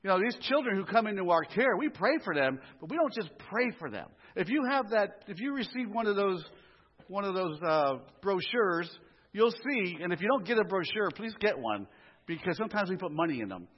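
A man's voice: sits high, sing-song, fairly quick, breathy edge. A man preaching a sermon, with conversational asides and humor. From US inner city. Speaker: pastor. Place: church sanctuary. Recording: muffled live church audio, long reverb.

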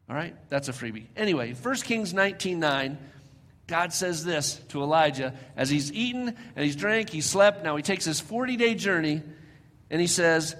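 Man, preacher, sermon, slightly high voice, loud peaks and soft near-whispered drops, long reverb. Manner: slows down for scripture reading. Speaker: pastor.

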